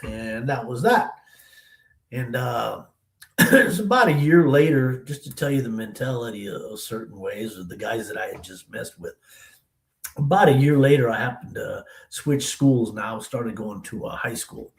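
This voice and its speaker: A man's voice: mid-range voice, expressive, measured pace, creaky, echoey room, rough recording. A man from the Denver area telling a long story as an interview guest, in a loose, slangy way with lots of "man" and "you know". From Denver area, USA.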